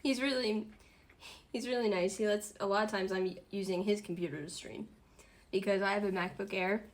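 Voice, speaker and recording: A woman's voice: mid-range voice, fairly even intonation, moderate pace. A woman in her twenties chatting casually at home while hosting a dinner livestream, talkative and giggly with frequent laughs. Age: 20s. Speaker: streamer hosting a dinner stream.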